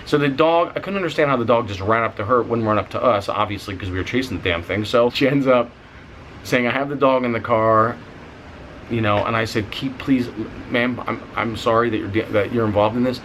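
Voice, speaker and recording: Young man, casual vlog storytelling, animated, mid-pitched voice, faint hiss behind. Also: brisk, rough recording. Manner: animated, rising in pitch when excited; swears casually. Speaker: vlogger.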